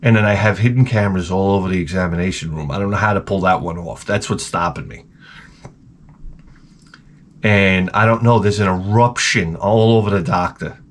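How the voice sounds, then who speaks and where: A man's voice: low-pitched, moderate pace. A hungover man vlogging in a rambling, profane comedic monologue. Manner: rambling, profane, crude humor.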